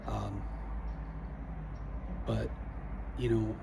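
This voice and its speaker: Emotional man, very flat low voice, halting delivery, ambience noise behind. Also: gravelly. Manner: halting, many pauses and fillers. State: emotional, near tears. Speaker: vlogger sharing personal news. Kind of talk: emotional personal address.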